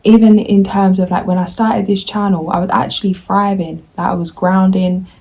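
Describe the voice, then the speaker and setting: A woman's voice: mid-range voice, little pitch movement, normal speed, mellow, breathy edge, rough recording. A woman tarot reader talking candidly to her viewers in a rambling way, often voicing her own inner self-talk. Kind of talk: candid confessional vlog.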